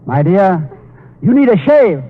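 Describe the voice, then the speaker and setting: An actor playing a loud, eccentric mustached professor in 1940s radio comedy, firing deadpan comebacks. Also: male voice, high voice, a little slow. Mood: gruff. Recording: hissy lo-fi 1940s radio broadcast.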